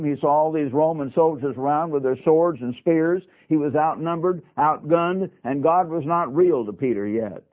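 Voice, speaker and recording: A man teaching a broadcast sermon on scripture, emphatic, with folksy asides to his listeners. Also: a little high. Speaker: radio Bible teacher. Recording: narrow, phone-like radio sound.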